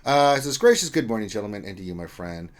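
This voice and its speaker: A man's voice: fairly low pitch, sing-song, fast talker. A man co-hosting a casual gaming livestream, reading viewer comments aloud in a loose, joking way with some mild swearing. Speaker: livestream co-host.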